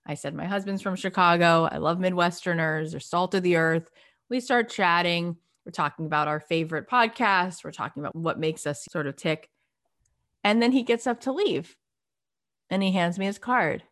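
Middle-aged woman telling a story, animated and emphatic, a bit low voice. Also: normal speed. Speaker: podcast host and guest. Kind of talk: casual storytelling conversation.

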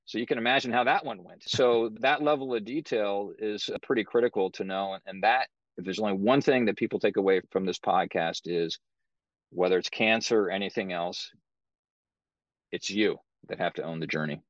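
A middle-aged man speaking as a podcast guest, telling his story in a measured, matter-of-fact way. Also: lowish voice, no echo, dull audio. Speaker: guest, author. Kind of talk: podcast interview.

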